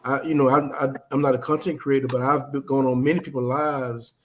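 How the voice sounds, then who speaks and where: A man joining a live-stream discussion as a guest, speaking haltingly with frequent restarts. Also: medium pitch, flat delivery, heavy background noise. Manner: halting, restarts his words often.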